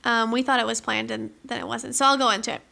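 A young woman talks in a relaxed, chatty way and keeps returning to "like." Her voice sits a bit high and sounds bright and clear, and she laughs a little as she tells her story. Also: fast. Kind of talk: casual chat.

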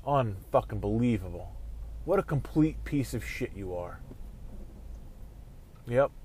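A man talks sports from behind the wheel, swearing freely and breaking into angry rants at the traffic around him. His pitch sits in the middle of the range. A faint hum of background noise runs under his voice. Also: expressive, a little mellow. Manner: profane, ranting, quick to angry outbursts. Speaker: show host. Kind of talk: casual sports talk rant. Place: in a car while driving.

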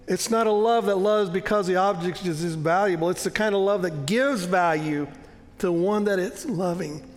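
A pastor preaches with a high voice, earnest and emphatic. He slows down and drops to a near hush to press a point. The sound carries a long reverb from the church hall. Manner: earnest, emphatic, slowing down and dropping to a soft hush on key lines. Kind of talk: sermon.

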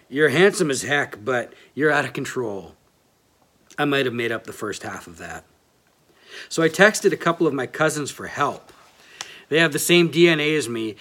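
A man's voice: mid-range voice, a bit bright. Man giving a plain-spoken sermon. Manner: plain-spoken and self-deprecating, reads aloud from a book.

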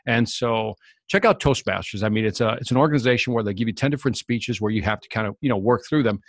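Man, interview guest, quick and animated storyteller, dry close mic. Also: on the low side, no room sound. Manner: animated storyteller, acts out the people in his stories. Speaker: guest, sales expert.

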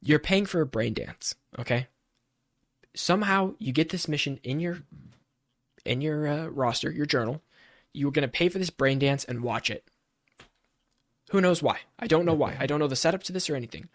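A man's voice: on the high side, moderate pace, pauses often, dry recording, clean studio sound. A young man co-hosting a casual gaming podcast, telling a story with rising, worked-up energy. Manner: animated storytelling, rises when worked up. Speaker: podcast co-host.

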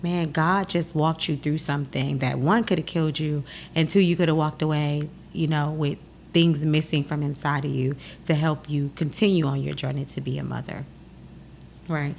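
A young adult woman hosts a podcast in a deep, creaky voice at a moderate pace, with a little hiss or hum in the recording. Animated and casual, she tells a personal story and acts out the voices of the people in it.

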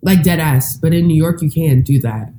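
A woman's voice: low-pitched, normal speed, warm tone, a little hiss or hum. A woman talking bluntly and with slang as a guest in a casual podcast chat.

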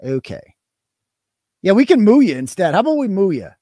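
A man's voice: high voice, big pitch swings, brisk, dark tone, no room sound, clean studio sound. A man hosting a live stream, talking in a casual, profane, mocking and rambling way. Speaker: host.

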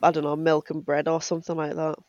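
A woman's voice: low-pitched, monotone, fast talker, a little mellow, no room sound, lo-fi sound. A young woman, chatting casually and telling sassy stories as a co-host. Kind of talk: casual chat.

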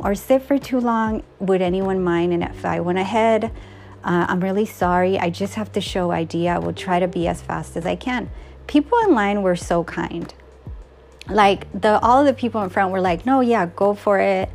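A woman's voice: medium pitch, moderate pace, vocal fry, darkish tone, faint music behind. A woman casually retelling a personal story, acting out the dialogue and laughing now and then.

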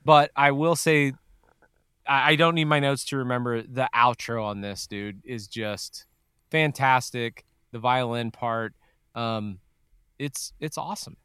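A man's voice: medium pitch, a little slow, bright, forceful tone, smooth, dry recording. Man, co-host, casual music chat, joking, easygoing, dry close sound. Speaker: podcast co-host.

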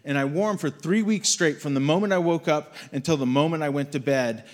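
A man's voice: on the high side, brisk. A young adult man as a guest speaker, giving a conversational sermon built on a personal story and acting out quotes in a church hall.

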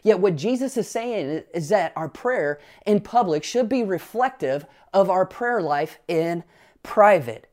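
A man's voice: sits high, animated, measured pace, a little mellow. A man preaching a sermon as pastor, earnestly asking his listeners rhetorical questions and telling personal family stories.

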